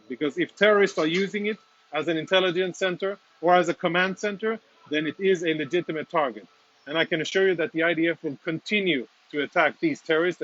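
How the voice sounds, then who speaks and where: A man with a somewhat high voice speaks as a military spokesman, live from inside a damaged apartment. He talks earnestly and insistently, with a slight emotional edge. The audio is dull and lo-fi, like a phone livestream. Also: fairly bright tone. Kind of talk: live on-location statement.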